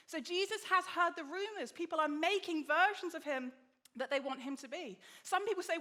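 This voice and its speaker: High-voiced woman preaching. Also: fairly quick. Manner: lively storytelling, acting out quotes. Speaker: guest preacher. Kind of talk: sermon.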